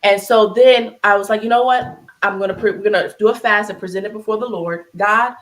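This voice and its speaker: A woman's voice: mid-range voice, steady tone, fairly quick, poor audio. Earnest woman sharing something painful, close to tears. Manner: earnest, tearful at times, restarts and fillers. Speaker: podcast co-host. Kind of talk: emotional personal talk.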